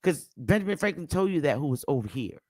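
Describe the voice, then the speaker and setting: A woman's voice: low-pitched, big pitch swings, fast, a little mellow, slightly rough, no echo, clean studio sound. A woman giving a casual, emphatic lecture to camera, with repetitive, preachy asides. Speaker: self-styled history teacher.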